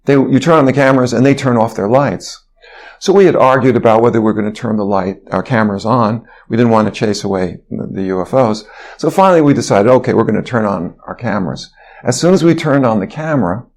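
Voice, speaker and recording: Man guest, physician, telling a rambling anecdote, mid-pitched voice. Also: vocal fry, darkish tone. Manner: rambling anecdotal storytelling with fillers. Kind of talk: storytelling interview.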